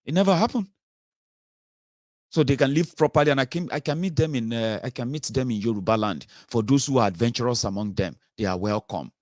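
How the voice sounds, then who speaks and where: A man's voice: mid-range voice, fast, hardly any pauses, a little mellow, no room sound, studio quality. A Nigerian man giving an impassioned commentary monologue, emphatic and rhetorical, with many filler sounds. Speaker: political commentary host.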